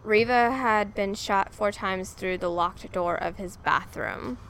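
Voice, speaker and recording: A woman's voice: medium pitch, takes it slowly, fairly bright tone, poor audio. Woman, podcast co-host, casual rambling chat, faint noise behind. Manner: chatty, rambling with many fillers.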